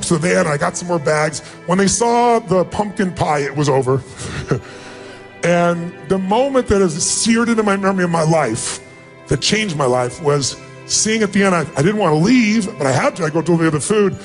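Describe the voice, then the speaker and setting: Man giving a motivational talk on stage, gets emphatic, bit of music behind. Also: fairly high pitch. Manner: emotional storytelling, rising to emphatic peaks. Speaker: motivational speaker. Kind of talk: motivational speech.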